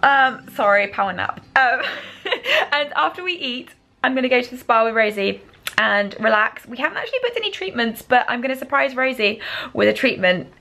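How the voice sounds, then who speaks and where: A young woman chatting excitedly on a casual vlog, playful and swearing freely, from a car and a hotel room. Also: on the high side, normal speed, gravelly. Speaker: vlogger.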